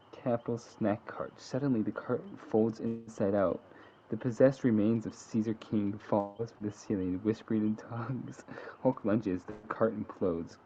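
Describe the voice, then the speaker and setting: A man with a low, gravelly voice reads out the events of a game simulation, leaning into the drama and fixing his own stumbles as he goes. The recording sounds dull and lo-fi, with a faint hiss underneath. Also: mellow. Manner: reads dramatically, laughs and corrects own slips. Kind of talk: casual read-aloud narration.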